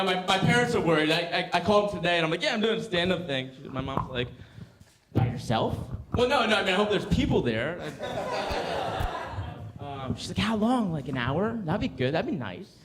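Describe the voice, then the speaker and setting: A young man in his twenties doing a rambling stand-up set on a club stage, halting with fillers and restarts, the crowd laughing behind him. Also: fairly high pitch. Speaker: stand-up comedian. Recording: roomy club with crowd noise.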